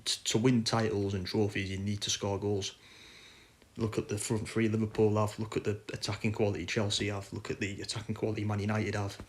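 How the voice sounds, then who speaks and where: A man's voice: lowish voice, completely flat delivery, brisk. Frustrated man ranting. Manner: frustrated, blunt, swears. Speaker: football fan podcaster. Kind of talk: casual ranting chat.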